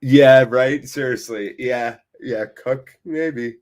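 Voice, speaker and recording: A man hosting a live match watchalong, chatting with viewers and breaking into excited play-by-play. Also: mid-range voice, slow. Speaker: fan channel host.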